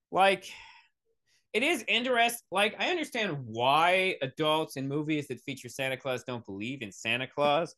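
A man hosts a comedic review podcast. He rambles, sighs and swears, and his voice swings widely in pitch as he mocks the film. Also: expressive, moderate pace, a bit bright. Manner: exasperated, rambling, sarcastic, swears often. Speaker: podcast host. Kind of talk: comedic movie review rant.

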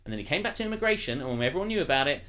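Lively man telling rambling anecdotes. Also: a little high, racing. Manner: rambling anecdotes, frequent laughter. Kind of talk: casual chat.

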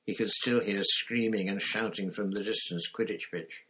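Deep-voiced male audiobook narrator. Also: breathy edge. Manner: steady, measured storytelling. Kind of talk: scripted narration.

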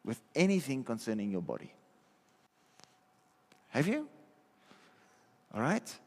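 A man's voice: medium pitch, huge pitch swings, takes it slowly. Man preaching in a reverberant hall. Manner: conversational, checks in with listeners often. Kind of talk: sermon. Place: church hall.

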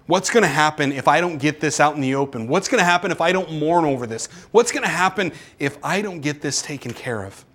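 A male pastor preaching a sermon, pressing his listeners with repeated rhetorical questions and swinging between urgent and hushed. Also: fairly high pitch, expressive, fairly quick, few pauses.

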